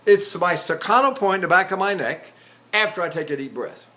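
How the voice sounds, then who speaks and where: A man's voice: high voice, lively intonation, a little fast, sharp tone. A man in his eighties, a voice teacher, giving a chatty lecture on vocal technique and breaking into sung examples. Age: 80s.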